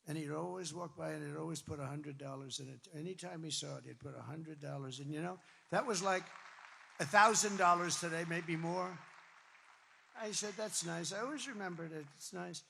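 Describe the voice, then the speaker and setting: A man giving a campaign rally speech to supporters, emphatic and repetitive, wandering into asides and breaking into shouts. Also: on the high side, fairly quick, vocal fry, slight background noise. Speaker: political candidate addressing supporters. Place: large rally venue with crowd. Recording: long reverb from a rally venue.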